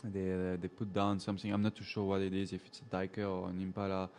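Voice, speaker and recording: A South African man talks casually on a live stream, answering viewers and stumbling over repeated words as he gathers his thoughts. His voice sits fairly low, and a faint hiss runs underneath. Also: monotone, a little mellow. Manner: halting, repeats words while thinking. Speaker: safari live chat host. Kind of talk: casual live chat reading viewer comments.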